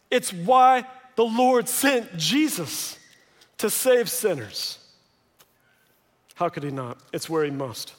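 High-voiced pastor in a reverberant hall. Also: male voice, slow, pauses often. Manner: lively storytelling with joking asides. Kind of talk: sermon. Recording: long reverb of a large hall.

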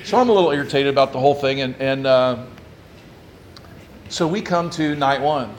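A man who is a pastor telling a story in a lively, humorous way and acting out his own quotes. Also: medium pitch, normal speed, slight background noise. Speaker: Presbyterian pastor. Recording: echoey room with faint ambience.

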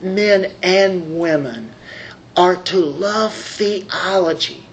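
A man's voice: sits high, expressive, a little hiss or hum, poor audio. A man preaching a sermon in a conversational way, stretching out key words for emphasis and trailing off into asides. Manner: conversational, drawn-out emphatic phrasing; frequent fillers and restarts.

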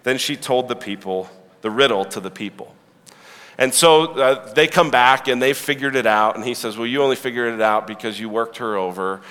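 Preacher in a reverberant hall. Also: male voice, medium pitch, moderate pace, clear, resonant tone. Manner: animated storytelling with asides and humor. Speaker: pastor. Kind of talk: sermon.

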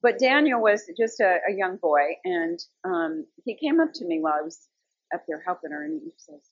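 A woman's voice: mid-range voice, very animated, moderate pace, vocal fry, husky, dry recording, highs cut off. An older woman, a grandmother, telling faith stories and teaching from the Bible in a rambling, chatty way full of fillers. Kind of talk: personal faith testimony.

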